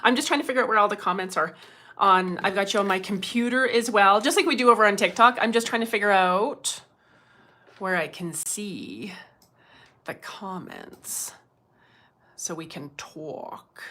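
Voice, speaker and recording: A middle-aged woman, hosting a casual livestream as a medium, chatty and quick to laugh, greeting viewers by name. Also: mid-range voice, pushed and bright.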